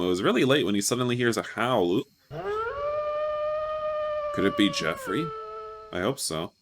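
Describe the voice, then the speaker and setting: A man with a fairly low voice reads a story game aloud for his viewers. His pitch moves a lot, rising and falling freely, and he keeps cutting in with wry, self-mocking asides. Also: a bit bright. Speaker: gaming video host.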